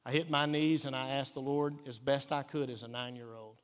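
A man pastor, preaching a sermon earnestly and emphatically, dropping quiet for key points. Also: mid-range voice, fairly even intonation, fairly quick, smooth. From Texas. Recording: echoey hall reverb.

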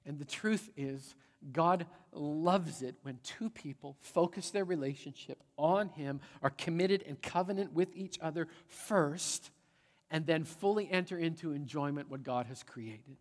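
A middle-aged man preaching to his congregation in a lively, conversational way, often pausing to check in with them. His voice sits a little high for a man. The sermon rings out with the long reverb of a big church hall. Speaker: pastor. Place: large church sanctuary.

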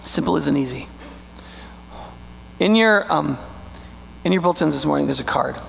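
High, gravelly-voiced pastor preaching. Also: male voice, expressive. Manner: emphatic, rhetorical questions, slow stressed words. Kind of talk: sermon. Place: church sanctuary. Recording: long hall reverb with faint mains hum.

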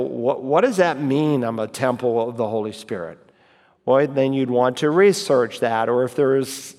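A man teaching a Bible class in a relaxed, conversational way. He repeats key phrases and recites verses aloud to show how it is done. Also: medium pitch. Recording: reverberant hall.

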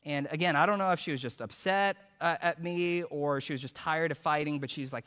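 A male preacher telling a story in a sermon, animated as he acts out quotes, then turning hushed and earnest. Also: a little high, a little fast, few pauses, clean tone, in a large hall.

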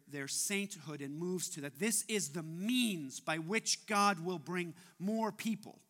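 Bright, high-voiced young father preaching. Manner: animated, repeats words often. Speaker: pastor. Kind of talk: sermon.

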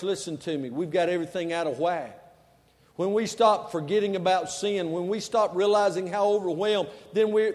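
A man preaching a sermon in a church, folksy and conversational, swinging between quiet asides and loud emphasis. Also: sits high, big-room sound. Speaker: pastor. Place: church sanctuary.

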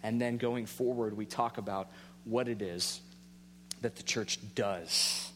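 A man in his thirties, a pastor, preaching a sermon in a relaxed storytelling way with self-deprecating humor. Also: lowish voice, slow, in a large hall, a little hiss or hum.

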